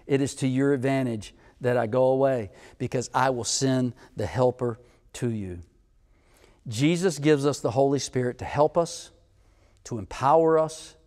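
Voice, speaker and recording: A man's voice: fairly high pitch, big-room sound. Man preaching with big dynamic swings. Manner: storytelling, swings from hushed to loud. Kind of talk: sermon with personal stories.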